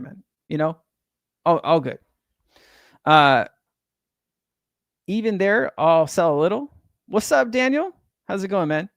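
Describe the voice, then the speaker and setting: Rambling crypto stream guy, kinda high voice, dry close mic, lots of ums and restarts. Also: a bit bright, dry recording. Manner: rambling, chatty, many fillers and restarts. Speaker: crypto livestream host. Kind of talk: casual livestream chat.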